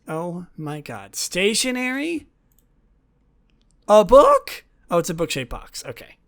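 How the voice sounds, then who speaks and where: A woman hosting a solo podcast, chatting in a gushing, excitable way that often drops into soft whispers. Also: medium pitch, smooth. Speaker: podcast host.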